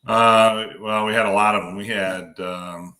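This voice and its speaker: A man calls in to a radio show as a guest and chats in an easygoing, folksy way. His voice is very deep but bright and forceful. The call sounds roomy and echoey. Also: steady tone, measured pace. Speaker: guest, county road commissioner. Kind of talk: casual remote interview. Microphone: phone or computer call.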